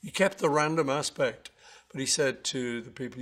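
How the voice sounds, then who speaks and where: Rambling relaxed storytelling man. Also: medium pitch, moderate pace. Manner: relaxed and rambling, with frequent self-corrections and fillers. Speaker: interviewee musician. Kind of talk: casual anecdotal storytelling.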